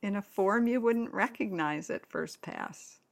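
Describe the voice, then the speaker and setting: Slow, calm woman podcast host. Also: mid-range voice, creaky. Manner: calm and affirming. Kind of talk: conversational interview.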